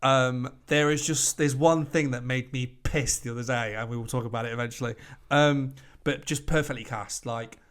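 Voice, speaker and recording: A man's voice: medium pitch, normal speed, hardly any pauses. A British man co-hosting a podcast, chatting casually, swearing often and rambling as he acts out quotes. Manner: sweary, rambling, animated quoting. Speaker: podcast co-host. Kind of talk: casual chat.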